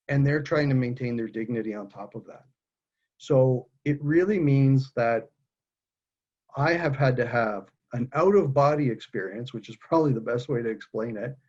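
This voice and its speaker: Husky-voiced man talking earnestly on a call. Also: mid-range voice, darkish tone, muffled recording. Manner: earnest, halting, many restarts. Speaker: guest speaker. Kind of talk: candid personal conversation.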